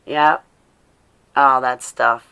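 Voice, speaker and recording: A tired woman runs a casual livestream, chatting with viewers, preaching at them, reading chat aloud, and laughing often. Her bass voice is smooth, bright, and forceful, with a steady tone and drawn-out words.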